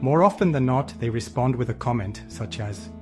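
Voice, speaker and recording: A man's voice: medium pitch, animated, moderate pace, a little mellow, faint music behind. A man hosting a podcast, reading an earnest, faith-based thought for the day. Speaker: podcast host. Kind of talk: scripted inspirational reflection.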